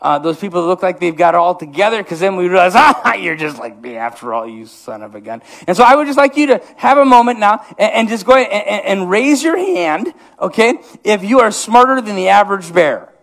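Upper Midwest pastor, tenor-ish voice, jokey rambling sermon full of restarts. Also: male voice, high-pitched, animated, quick pace, hardly any pauses. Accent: Upper Midwest American. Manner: self-mocking, rambling with many restarts. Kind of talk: comedic sermon. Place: church sanctuary.

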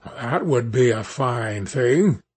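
A man voicing a gullible, excitable miller in a spoken fairy tale, with exclaiming, drawn-out reactions. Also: medium pitch, breathy edge. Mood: amazed.

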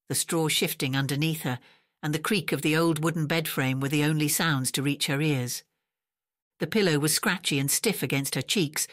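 A woman narrating a romance audiobook in a measured, even storytelling manner, recorded close on a studio mic. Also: sits low, no echo. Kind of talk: scripted narration.

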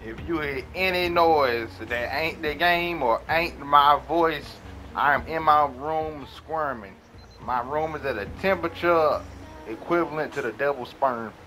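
A man's voice: fairly high pitch, a little slow, pushed and bright, soft background music. Theatrical man narrating his gameplay. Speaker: gaming commentator. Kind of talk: let's play commentary. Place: small, hot bedroom.

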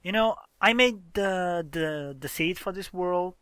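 A man's voice: high voice, takes it slowly, fairly bright tone, clean tone, no room sound. A man hosting a casual let's-play, explaining game mechanics and exclaiming in exasperation as he plays with a friend. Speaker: gaming channel host.

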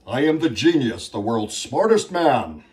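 A man putting on the voice of a boastful male wrestler who calls himself a genius, speaking slowly and proudly. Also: mid-range voice, very animated, a little mellow, voice pushed up. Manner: slow, proud, declaiming.

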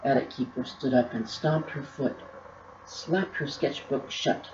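A woman, the author, reading her own storybook aloud with expressive, drawn-out emphasis. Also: very deep voice, noisy background. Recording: roomy, slightly dull recording.

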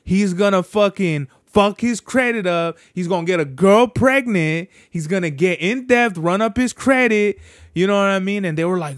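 A man's voice: high-pitched, animated, moderate pace, dry recording, studio quality. A man hosting a podcast in a casual, rambling monologue, full of slang and swearing. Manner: profane, slangy, rambling storyteller. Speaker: podcast host.

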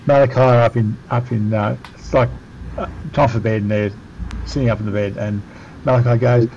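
Australian man, gravelly voice, animated storytelling, dull muffled audio. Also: mid-range voice, brisk. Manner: animated, laughs through his story. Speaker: Paralympic cyclist guest. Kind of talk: casual storytelling interview. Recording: muffled with background noise.

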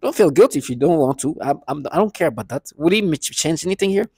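A man's voice: on the high side, animated, fast talker, a little mellow, slightly rough, dry recording, clean studio sound. A man ranting in a vlog monologue, agitated and scornful, repeating himself often. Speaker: vlogger.

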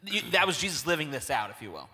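A male pastor talks quickly with a bright, forceful tone, nudging his colleague along with affirming prompts. The long reverb of a church hall surrounds his voice. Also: fairly high pitch, sing-song. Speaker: pastor, co-host. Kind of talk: conversational sermon discussion. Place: church auditorium.

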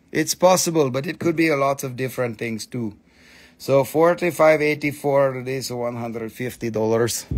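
A man hosting a live crystal sale, excitable and casual, swearing freely in broken grammar. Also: a little high. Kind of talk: casual live-stream selling.

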